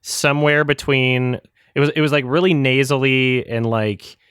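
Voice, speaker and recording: A man co-hosting a film podcast, talking loosely and laughing between thoughts. His voice sits at an ordinary middle pitch, recorded close and dry with no room sound. He circles back and restarts his sentences as he goes. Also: fairly even intonation, normal speed, a bit bright, clean tone, dry recording. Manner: rambling storytelling with frequent laughter and restarts. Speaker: podcast co-host. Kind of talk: casual chat.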